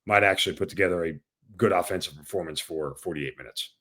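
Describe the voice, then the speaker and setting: Low-voiced, dry sports betting co-host. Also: male voice, fast, bright, forceful tone. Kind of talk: casual sports betting talk.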